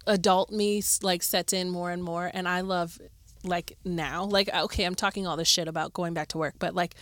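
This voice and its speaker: Bright-voiced woman co-hosting a podcast. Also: on the low side, no echo. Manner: upbeat, loose, says "like" a lot. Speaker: podcast co-host. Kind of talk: casual chat.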